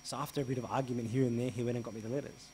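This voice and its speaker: Male priest, mid pitch, lively raconteur who acts out quoted exchanges, faint background hiss. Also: racing. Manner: animated, re-enacts dialogue with rising pitch and volume. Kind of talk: storytelling interview answer.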